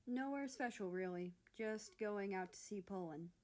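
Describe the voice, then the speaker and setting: A woman's voice: mid-range voice, a little slow, a little mellow, natural voice. A woman voicing a flustered, embarrassed young man brushing off his family's fussing, in a fan fiction reading. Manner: flustered, exasperated.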